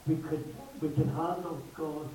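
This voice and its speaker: A man preaching a sermon slowly and emphatically, his voice rising on repeated words. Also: on the high side, steady tone, dark tone. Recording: echoey hall from far off, faint hiss.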